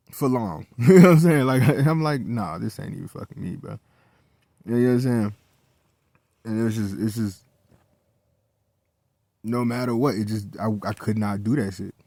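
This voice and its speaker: A man's voice: mid-range voice, creaky, a little mellow, no room sound. A man telling a personal story in a casual, heated monologue, swearing often and repeating himself as he goes.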